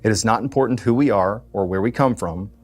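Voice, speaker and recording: A cold alien presence speaks through a human in a flat, commanding way, as a man puts it on mid-story. The voice is husky and lowish, with faint music underneath. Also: fairly quick, natural voice. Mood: ominous.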